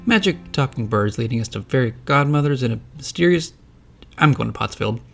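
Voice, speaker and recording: A man's voice: medium pitch, expressive, brisk, gravelly, fairly bright tone, faint music behind. A man voicing a nervous, worried teenage boy in a narrated storybook, talking in a fretful, fussy way.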